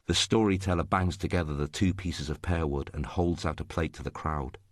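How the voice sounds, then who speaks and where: A man narrates a story in a steady, scripted reading. His voice is extremely deep, and the recording is dry and close, with no room around it. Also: dry recording.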